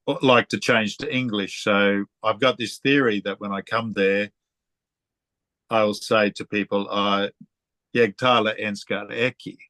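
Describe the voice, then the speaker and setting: An Australian man interviewing a guest in a relaxed way, telling stories and laughing often. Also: lowish voice, measured pace, dry recording. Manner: chatty, storytelling, laughs often. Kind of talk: casual conversational interview.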